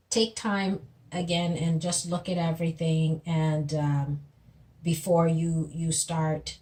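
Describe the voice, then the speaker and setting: A woman giving a tarot reading in a gentle, reassuring, unhurried way, repeating words and pausing as she goes. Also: low-pitched. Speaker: tarot reader. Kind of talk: slow, soothing tarot reading.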